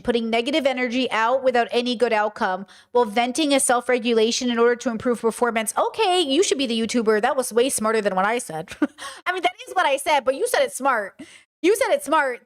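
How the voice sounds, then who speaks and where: Woman streamer, high voice, blunt and animated, swears freely, casual live chat to viewers. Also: fast talker. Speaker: streamer hosting a live podcast.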